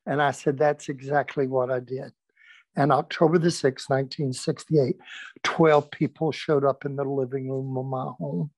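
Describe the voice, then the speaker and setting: A man's voice: medium pitch, moderate pace, dry recording. An older man, a pastor, telling stories from his past in a conversation, acting out the voices of the people he quotes, with many fillers and restarts. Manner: animated anecdotal storyteller, acts out quoted voices, with fillers and restarts. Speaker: pastor recounting his history. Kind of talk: storytelling in a recorded conversation.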